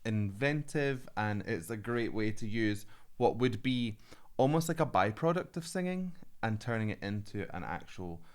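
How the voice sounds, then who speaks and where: A man's voice: on the low side, lively intonation, moderate pace, smooth. A man, a vocal coach giving analytical, enthusiastic reaction commentary on singers. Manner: analytical and enthusiastic, prone to laughing. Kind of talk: reaction commentary on a singing video.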